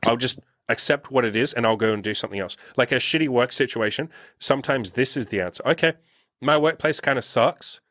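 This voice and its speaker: A blunt, profane man talks through a casual podcast conversation and keeps slipping into the voices of the people he quotes. His voice sits at an ordinary middle pitch, and the sound is dry and close, with no room around it. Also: quick pace, fairly bright tone, no echo. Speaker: podcast host and dating coach.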